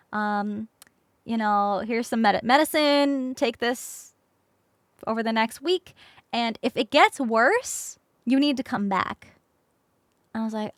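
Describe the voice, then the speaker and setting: A woman streamer telling a story in casual chat, expressive, swearing casually and acting out the people she quotes. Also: on the high side, no echo, studio quality. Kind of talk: casual storytelling while crafting.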